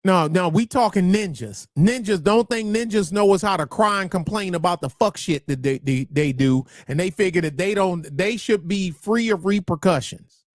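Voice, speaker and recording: Blunt, rambling livestream host, dry sound. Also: male voice, high-pitched, normal speed, dry recording. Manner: blunt, profane, repeats and restarts phrases.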